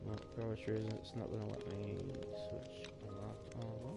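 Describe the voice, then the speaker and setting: A gravelly-voiced man talks through his game in a loose, musing ramble. He sounds tired and sleepy. Music plays clearly behind him. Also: lowish voice, flat delivery, moderate pace. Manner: thinking aloud, rambling and musing. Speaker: gaming streamer. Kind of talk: casual gameplay commentary. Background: background music.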